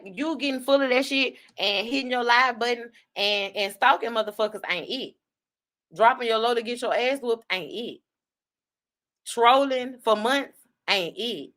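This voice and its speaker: A woman hosting an online talk show, giving blunt, profane commentary on online drama in a casual, fast-talking way. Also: on the high side, a bit bright. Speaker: online radio host.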